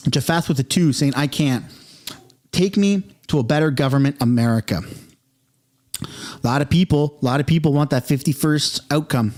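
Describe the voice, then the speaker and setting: A man's voice: fairly high pitch, moderate pace, pauses often, darkish tone. A man from Canada, hosting a livestream, reading out viewer comments and rambling through opinionated asides with a chuckle. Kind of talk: casual political livestream commentary.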